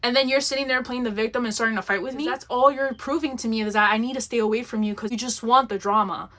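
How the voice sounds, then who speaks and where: Young woman host, solo podcast rant, emphatic and animated, fairly high voice. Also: fast. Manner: animated, emphatic storytelling with acted-out quotes.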